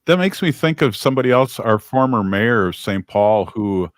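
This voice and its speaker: A man's voice: mid-range voice, animated, moderate pace, no room sound, clean studio sound. A man hosting a radio talk show, telling rambling, joking anecdotes with many fillers. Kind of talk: casual radio conversation.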